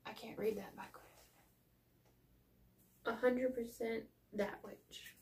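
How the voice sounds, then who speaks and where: Gushing Texan woman, gravelly voice. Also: mid-range voice, fairly even intonation, slow pace, pauses often. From Texas. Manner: gushing, chatty, drifting into soft near-whispers. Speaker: unboxing vlogger. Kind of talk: casual unboxing chat. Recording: noisy home recording.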